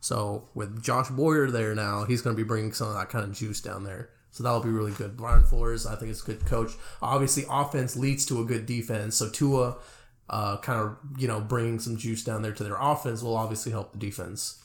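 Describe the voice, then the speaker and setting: A man's voice: on the low side, fairly even intonation, normal speed. A young man co-hosting a casual sports podcast, rambling loosely and joking with friends. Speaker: podcast co-host.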